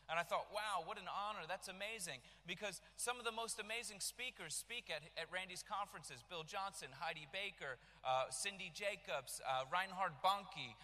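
A man in his thirties from the United States preaching a sermon, telling his story with animated bursts of shouting. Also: high voice. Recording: long reverb of a large hall.

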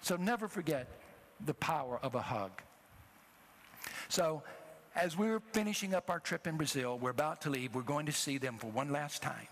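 A man's voice: fairly high pitch, normal speed. Emotional male preacher telling a story. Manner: emotional storytelling, swelling to loud exhortation. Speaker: traveling preacher. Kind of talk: sermon.

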